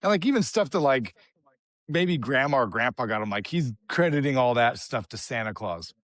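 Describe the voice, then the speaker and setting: A middle-aged man co-hosts a casual podcast and tells a family story with animated, self-deprecating humor. His voice sits at an ordinary pitch and sounds close and dry, with no room around it. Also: moderate pace, dry recording. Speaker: podcast co-host.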